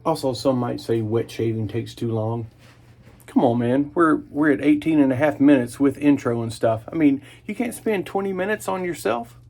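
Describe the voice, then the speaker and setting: A man in his thirties hosting a casual shaving vlog at his bathroom sink, relaxed and enthusiastic, humming in approval. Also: mid-range voice, normal speed. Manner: relaxed, enthusiastic, chatty with small hums of approval. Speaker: wet shaving channel host. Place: home bathroom at the sink, indoors.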